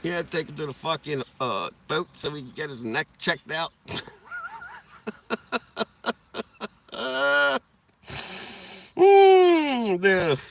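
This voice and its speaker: A young man livestreaming and spinning rambling stories to his viewers, swearing freely and laughing at his own tales. His voice is bright and forceful, and his pitch swings widely. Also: vocal fry, no room sound. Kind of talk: casual storytelling.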